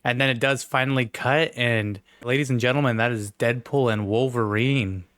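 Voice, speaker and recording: A man co-hosting a casual movie review podcast, retelling scenes with lively acted-out quotes. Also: mid-range voice, moderate pace, clear, resonant tone, no room sound, studio quality. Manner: animated, retells scenes in voices. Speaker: podcast co-host.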